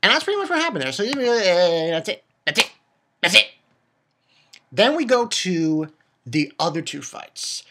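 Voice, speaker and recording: A man casually recapping a manga chapter, rambling and swearing, with many restarts and bursts of excitement. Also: high-pitched, unhurried, long pauses, very noisy.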